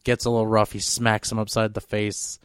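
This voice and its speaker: A man's voice: lowish voice, completely flat delivery, brisk, smooth, no room sound, studio quality. A man co-hosting a podcast, telling a long story in a rambling, casual way. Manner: rambling, full of fillers and restarts. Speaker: podcast co-host.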